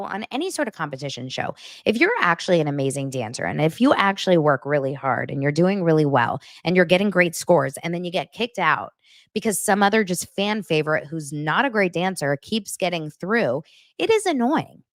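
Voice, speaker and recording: A young adult woman hosting a casual celebrity gossip show, chatty and animated, jumping between stories with quick asides. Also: fairly low pitch, dry recording, clean studio sound. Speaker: host.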